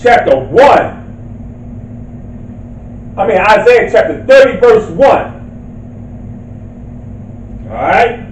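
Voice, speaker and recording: A man preaching a sermon, reading scripture and building to impassioned shouts. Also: high voice, sing-song, extremely slow, long pauses, echoey room, recorded from a distance, low-quality recording. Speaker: street preacher.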